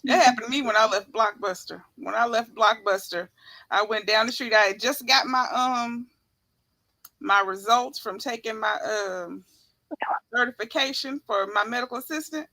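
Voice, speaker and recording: A woman co-host speaks quietly and haltingly, stopping often on ums. Her voice is bright and a little high. She sounds dry and a bit off-mic. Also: dry recording. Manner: quiet, hesitant with fillers. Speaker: podcast co-host. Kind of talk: casual chat.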